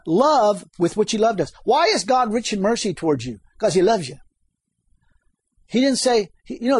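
Male preacher, high and husky, emphatic, asks the congregation questions, dry close sound. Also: no echo. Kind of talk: sermon.

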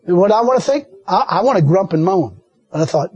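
A man preaching a sermon with folksy, animated storytelling and frequent laughter. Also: high voice, moderate pace, husky, muffled recording.

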